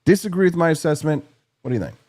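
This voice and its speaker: A man hosting a live political talk show, with a fairly high voice that swings widely up and down. He comes across as animated and opinionated, with a jokey edge. He is from Missouri. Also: fast.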